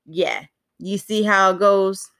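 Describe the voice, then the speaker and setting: A woman's voice: medium pitch, takes it slowly, vocal fry, fairly bright tone. A woman hosting her own podcast, talking casually and candidly with frequent laughs and the odd swear word. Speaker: podcast host. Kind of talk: casual solo podcast talk. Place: indoors at home with rain outside.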